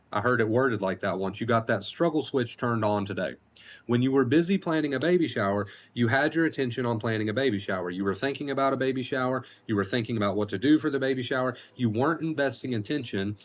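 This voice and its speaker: A man hosting a livestream as an anxiety recovery coach, explaining points slowly and often repeating himself while reading chat aloud. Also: medium pitch, lo-fi sound. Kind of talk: casual livestream advice talk.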